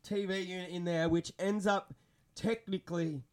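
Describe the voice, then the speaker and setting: High-voiced profane man storytelling. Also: normal speed. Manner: profane, animated storytelling with frequent swearing. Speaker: podcast co-host. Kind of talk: casual storytelling chat.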